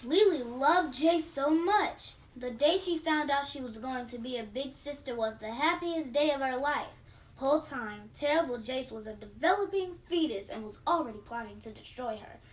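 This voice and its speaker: A woman's voice: sits high, lively intonation, normal speed, far from the mic, low-quality recording. A woman reading her own children's story aloud in a playful, dramatic way.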